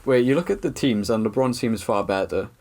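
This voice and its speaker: A man's voice: medium pitch, lively intonation, a little fast, a little mellow. A man co-hosting a casual podcast, teasing and laughing easily. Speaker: podcast co-host. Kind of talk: casual sports chat.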